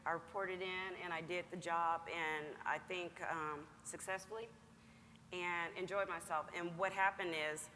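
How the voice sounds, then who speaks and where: A lower-pitched woman with a bright, forceful voice gives a measured, steady account on stage. Her voice carries a long hall reverb over faint background noise. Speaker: Marine master gunnery sergeant panelist. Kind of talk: panel answer, personal account. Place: large conference hall.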